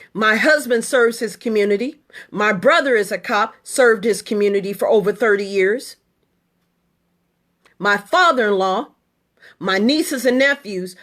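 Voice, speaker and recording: Her voice slightly high and fairly bright, a middle-aged woman who is a military veteran speaks indignantly about politics into the camera, repeating short, emphatic statements.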